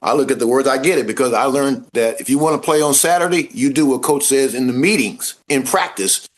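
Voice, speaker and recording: A man in a casual interview, telling stories in an animated, informal way and acting out the voices of people he met. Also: medium pitch, fairly quick. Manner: informal speech with dropped grammar. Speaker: interview guest, former football player turned actor. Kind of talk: casual anecdotal storytelling.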